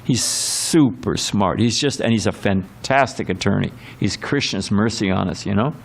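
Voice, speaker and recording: A man's voice: lowish voice, normal speed, vocal fry. A man giving a temple scripture class in a rambling, conversational way, full of asides and acted quotes. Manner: rambling and conversational, many fillers and quoted voices. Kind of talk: temple sermon lecture. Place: temple hall.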